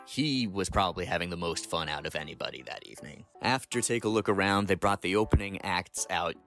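A man's voice: low-pitched, a little fast, fairly bright tone, faint music behind. A man in his thirties reading an enthusiastic concert review aloud for a podcast. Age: 30s. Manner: enthusiastic storytelling.

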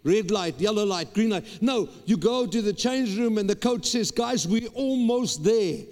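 A man's voice: sits high, normal speed, a little mellow. A man, a pastor preaching a sermon with emphatic repetition and stammered restarts. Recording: long hall reverb.

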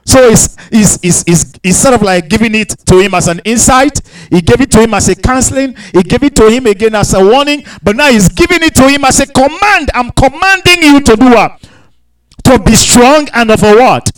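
A man preaching a sermon, dropping to quiet asides and rising to loud, drawn-out scripture readings, asking the congregation to answer back. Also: extremely high pitch, lively intonation, poor audio. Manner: calls out to the congregation for responses.

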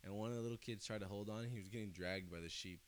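A young man chatting casually, telling stories with lots of laughter and big swings between loud and quiet. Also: lowish voice, very fast. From California. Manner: animated storyteller, laughs often, swings loud and soft. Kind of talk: casual chat. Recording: faint hiss.

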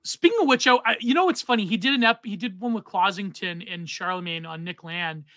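Male podcast co-host, loose rambly chat, high-pitched, dry close sound. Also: fairly quick, bright, forceful tone, no room sound. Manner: rambling, many fillers and restarts. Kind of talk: casual chat on a livestream.

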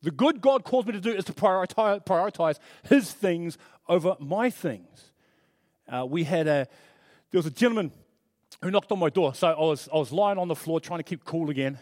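A man's voice: sits high, animated, moderate pace, a little mellow, no echo. A middle-aged man preaching a conversational sermon, earnest and storytelling, with frequent restarts.

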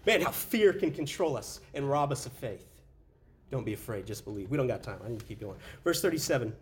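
A man's voice: medium pitch, expressive, fairly quick. A man preaching a casual, conversational sermon as a pastor, often saying "man" and restarting his sentences. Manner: conversational, says "man" a lot, with frequent restarts.

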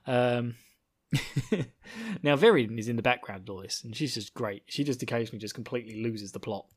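A man's voice: mid-range voice, a little fast. A man casually recapping a book chapter, rambling and laughing often, slipping into silly voices for the characters. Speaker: book discussion podcaster.

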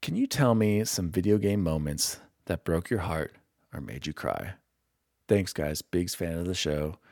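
A young man hosting a casual gaming podcast, openly sentimental and quick to laugh at himself. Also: low voice, very animated, creaky, darkish tone, no echo, clean studio sound. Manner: emotional, self-deprecating, quick to laugh. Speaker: podcast host.

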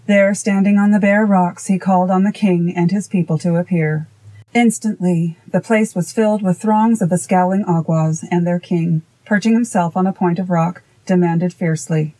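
A woman host reading a classic children's story aloud in a calm, measured storybook narration. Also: fairly low pitch, no room sound, poor audio. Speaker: audiobook reader and podcast host.

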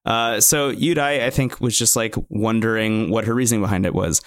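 A man's voice: lowish voice, steady tone, a little fast. A man in his thirties chats through a show recap in a loose, joking way. He lifts his voice to act out quotes. The sound is dry and close, with no room echo. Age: 30s. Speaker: podcast co-host. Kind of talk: casual recap chat.

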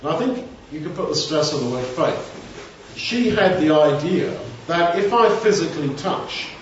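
Male preacher, conversational and rambling, somewhat high voice, recorded from a distance. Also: lively intonation, a little slow, a little hiss or hum. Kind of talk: informal Bible teaching. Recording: echoey room, distant mic, dull sound.

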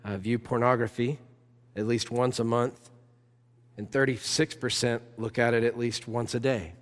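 A man's voice: mid-range voice, little pitch movement, moderate pace. A man, a pastor, preaching a sermon with impassioned, urgent exhortation. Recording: long reverb of a church hall.

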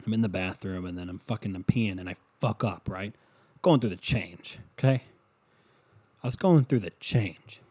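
A man's voice: sits low, normal speed, a little mellow, slightly rough. A young man from Ohio telling a long, rambling, profane story about his school days in a casual monologue. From Ohio, USA. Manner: profane, rambling, self-mocking.

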